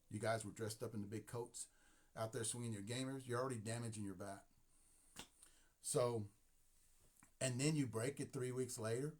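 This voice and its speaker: A man's voice: medium pitch, darkish tone. A man in his sixties hosting a casual live stream who rambles, talks emphatically and repeats himself. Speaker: host.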